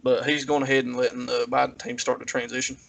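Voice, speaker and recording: A man with a gravelly, mid-pitched voice hosts a casual podcast. He hands turns to others and teases his co-hosts along the way. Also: little pitch movement, fast, fairly bright tone, poor audio. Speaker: podcast host, moderator. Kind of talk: casual political chat.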